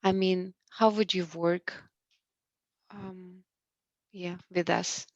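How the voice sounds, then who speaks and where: A woman in an online class asking the teacher a question, halting and searching for words over a video call. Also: lowish voice, flat delivery, dry recording, dull audio. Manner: hesitant, halting, with many fillers and restarts. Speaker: class participant.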